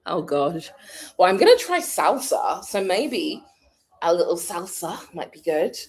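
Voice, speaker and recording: A British woman vlogger chats with her audience in a relaxed way, breaking into laughter as she thinks aloud. Her voice sits low but moves through a lively, animated range. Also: a little slow. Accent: British English. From United Kingdom. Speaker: vlogger answering a live chat. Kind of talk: casual chat.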